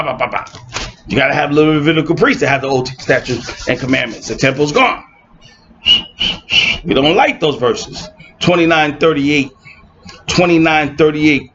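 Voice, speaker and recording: A man's voice: on the high side, slight background noise. Sarcastic man teaching scripture, lo-fi. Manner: reads verses aloud, then mocks opponents with sarcastic asides. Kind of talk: informal online Bible teaching. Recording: dull lo-fi recording.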